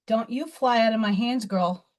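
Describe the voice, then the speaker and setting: A woman's voice: on the high side, normal speed. A woman hosting a casual craft livestream from her home, chatty, laughing often and cooing baby talk at her cat. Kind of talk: casual live-stream chat.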